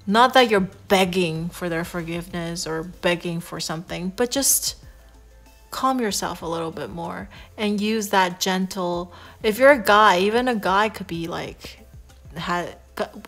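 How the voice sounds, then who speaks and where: A woman giving a casual tarot reading, chatty and warm in her advice, with frequent fillers, restarts and "right?" tag questions. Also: medium pitch. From Asia. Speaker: tarot reader.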